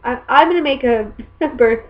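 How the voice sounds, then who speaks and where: A young mother and vlogger chats casually at home, rambling with plenty of ums. Her voice is high-pitched at a moderate pace, and the audio sounds dull.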